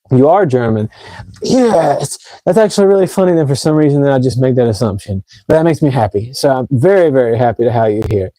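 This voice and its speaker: A young man chats his way through a casual livestream, answering viewer comments as he goes. His voice is mellow and sits at a middle pitch, and he keeps restarting his sentences. The sound is dry and close, with no room echo. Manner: chatty, rambling, restarts sentences, warm thanks to viewers. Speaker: livestream host reviewing fragrances. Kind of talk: casual live chat reading viewer comments.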